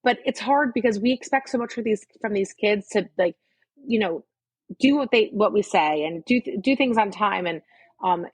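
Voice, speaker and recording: Husky lady cohost, swears a lot, super dry close mic. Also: mid-range voice, moderate pace, dry recording. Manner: frank, swears freely. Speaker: podcast co-host. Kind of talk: casual chat.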